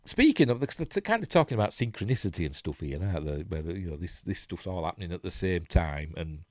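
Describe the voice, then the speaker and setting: A man's voice: sits low, big pitch swings, fairly quick, dry recording, studio quality. A man with a Yorkshire accent hosting a live stream, chatting casually, reading news articles aloud and chuckling, with lots of rhetorical tag questions. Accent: Yorkshire English. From Yorkshire, England.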